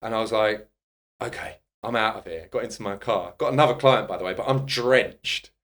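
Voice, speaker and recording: A man's voice: on the low side, brisk. A man, a personal trainer and podcast guest, telling a casual anecdote with lots of swearing and laughter. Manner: animated, swearing, laughing storyteller.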